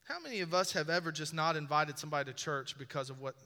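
A man's voice: a little high, fast, sharp tone. A man preaching a sermon as a pastor, conversational and joking, often putting questions to the congregation. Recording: long reverb of a large hall.

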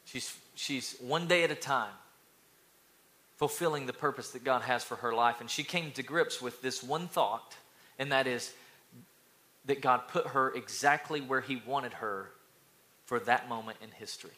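A male pastor preaching an energetic sermon, calling out to the congregation and building to loud, fired-up passages. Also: medium pitch, a little slow.

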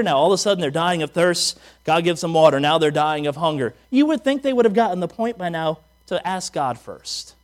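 A pastor preaching a sermon in a humorous, conversational way, full of rhetorical questions. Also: male voice, a little high, expressive, fairly quick, few pauses.

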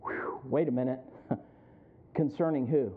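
Middle-aged pastor guy preaching, tells stories then gets loud, tinny like a phone line. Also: a little slow. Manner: storytelling that builds to loud, high preaching. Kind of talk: sermon.

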